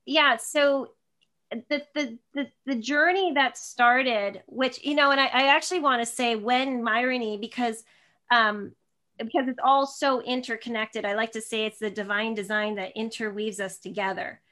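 Woman in her thirties, interview guest, rambling personal story, many restarts, fairly high voice. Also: steady tone, moderate pace, bright, forceful tone.

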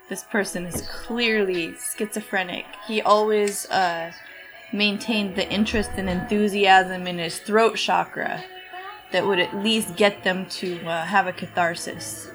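A woman chatting casually, rambling and animated, full of "like" and restarts. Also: mid-range voice, low-quality recording. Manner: rambling, animated storyteller with many fillers. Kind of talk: casual chat.

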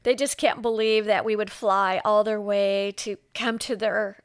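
A woman's voice: mid-range voice, measured pace, clean tone, no room sound, studio quality. A woman guest telling her faith testimony in casual chat, acting out quotes as she goes. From California. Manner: animated storyteller, acts out quotes. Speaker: podcast guest.

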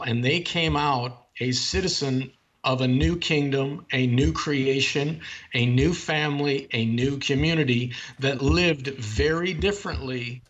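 A man's voice: medium pitch, muffled recording. A man speaking as the author being interviewed, laying out his points in long, earnest explanations. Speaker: author and guest. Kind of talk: interview, theological discussion.

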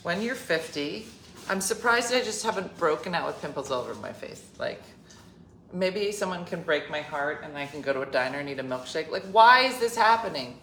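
Animated fifty-something woman telling a comic rant. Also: low voice, fairly quick, a little hiss or hum. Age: 50s. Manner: animated, exasperated, joking rant. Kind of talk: comic storytelling chat. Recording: roomy echo.

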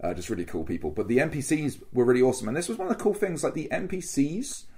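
A man's voice: medium pitch, very animated, quick pace, dark tone. A man co-hosting a podcast, recounting events in rambling casual chat with lots of fillers. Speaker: podcast co-host.

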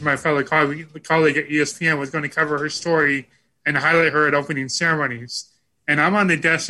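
A man's voice: on the high side, sharp tone. A man telling his personal story in an earnest, heartfelt way on a video call panel. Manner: earnest, heartfelt storytelling, acting out quoted dialogue. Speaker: panel speaker, Special Olympics athlete and former sports commentator.

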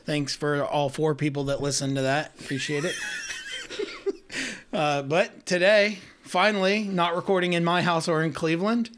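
A man's voice: a little high, fairly even intonation, moderate pace, fairly bright tone, slight background noise. A man hosting a casual podcast from a friend's house, joking and laughing often. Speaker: podcast host.

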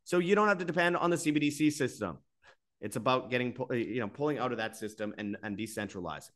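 On his own alternative media channel, a man talks fast in a medium-pitched, animated, slightly bright voice. His exasperated, repetitive monologue keeps building into bursts before he moves on to reading sponsor spots.

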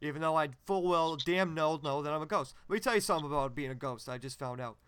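Man putting on a boastful fake ghost, rambling, oblivious, higher voice, smooth dry sound. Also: fast, fairly bright tone, no room sound, natural voice. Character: dim man insisting he is a ghost. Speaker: podcast co-host in character.

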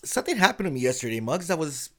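Animated swearing man telling a story. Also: a little high, very fast. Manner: animated storyteller, swears freely, acts out quotes. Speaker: podcast co-host. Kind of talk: casual podcast chat.

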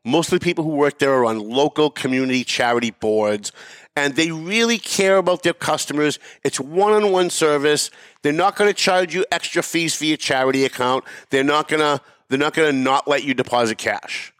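A man's voice: on the high side, normal speed, a bit bright, no echo, clean studio sound. A middle-aged man hosting a talk show, telling a heated story with emphatic swearing and mimicked voices. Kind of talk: animated storytelling rant.

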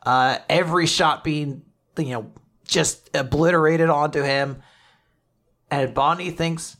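A man co-hosting a podcast in casual chat, retelling story scenes with lively energy and plenty of swearing. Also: on the high side, slow. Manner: animated, retells scenes by quoting characters, swears freely. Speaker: podcast co-host. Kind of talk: casual chat recapping a comic chapter.

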